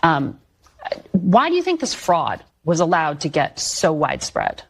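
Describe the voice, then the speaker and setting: A woman's voice: deep voice, huge pitch swings, a little slow, breathy edge. A woman conducting a news interview, asking a composed, probing question.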